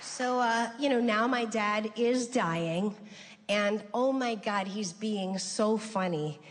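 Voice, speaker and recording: Speaking slowly over a crowd and a noisy background, a female stand-up tells conversational, deadpan stories in a large venue. Whenever she quotes someone, she jumps into a squeaky high voice. The live show has long hall reverb and faint ambience.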